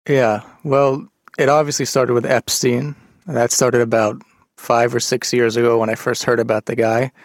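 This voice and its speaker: Flat-toned American man, matter-of-fact. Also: mid-range voice, moderate pace, dry recording. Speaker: interview guest, independent researcher. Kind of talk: casual interview answers. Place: basement.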